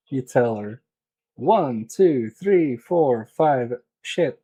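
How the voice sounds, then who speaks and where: Very slow and warm with a breathy edge, his mid-range voice still has lively intonation. He's hosting an electronics repair livestream, muttering, joking, and teasing himself casually while he fixes things.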